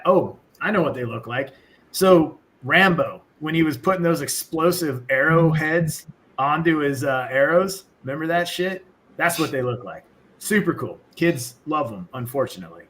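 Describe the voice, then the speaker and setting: A male military veteran spins a casual story as a guest, rambling and full of fillers. His speech is loose and salted with cuss words, in an ordinary mid-range pitch. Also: fairly bright tone.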